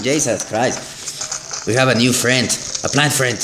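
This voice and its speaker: A man giving excitable let's play commentary as a gaming channel host, exclaiming and repeating himself. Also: medium pitch, slow pace, music in the background. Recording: roomy echo.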